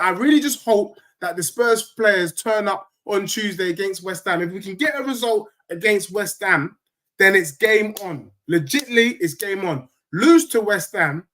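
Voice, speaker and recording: A man, talking live to his stream after a match. His voice sits high, and he mixes slang into animated banter with viewers, reading their comments and answering back. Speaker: football fan streamer.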